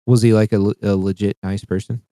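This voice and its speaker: Blunt low-voiced podcast guy. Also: flat delivery, quick pace, warm tone, clear, resonant tone, no room sound, clean studio sound. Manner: blunt, swearing, self-mocking. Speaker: podcast co-host. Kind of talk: casual podcast chat. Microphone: podcast mic.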